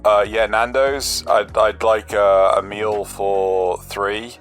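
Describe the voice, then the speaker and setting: A man hosting a casual comedy chat about anime questions, joking and animated, often jumping into high silly voices. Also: slow, faint music behind. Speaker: host answering anime questions. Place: online voice chat.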